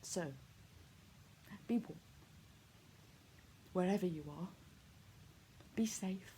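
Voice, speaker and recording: Woman poet, unhurried, gentle and hushed, grieving recitation. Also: lowish voice, slight background noise. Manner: soft, hushed, intimate delivery; heartfelt, grieving tone. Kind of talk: poetry recitation.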